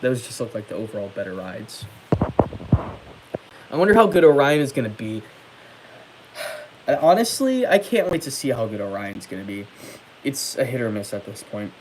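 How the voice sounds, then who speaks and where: A young man talks casually on his livestream at a middle pitch, chatting and answering viewer comments. There is faint noise behind him. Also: sing-song, moderate pace, pauses often, low-quality recording. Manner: chatty, reads comments aloud and answers them, many fillers. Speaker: livestream host.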